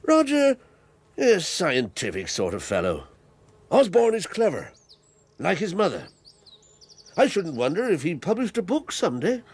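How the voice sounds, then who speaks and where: A chatty old country squire in a radio play, gravelly, all over the place pitchwise. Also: male voice, wildly swooping pitch, normal speed, long pauses, dry recording, heavily acted. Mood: genial. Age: older. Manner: bluff, rambling and fatherly. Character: hearty old country squire, fond and talkative. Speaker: Squire Hamley. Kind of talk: 1980s radio drama acting.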